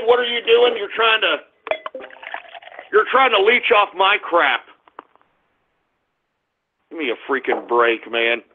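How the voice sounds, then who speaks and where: A brash male radio host rants and taunts on a call-in show. His voice sits high for a man and comes through a tinny, phone-like line. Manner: brash, confrontational, drawn-out taunts.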